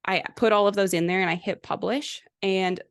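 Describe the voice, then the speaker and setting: A woman guest on a podcast, explaining advertising in a relaxed, conversational way with lots of fillers. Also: mid-range voice, moderate pace. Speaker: guest, ad specialist. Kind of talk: casual interview chat.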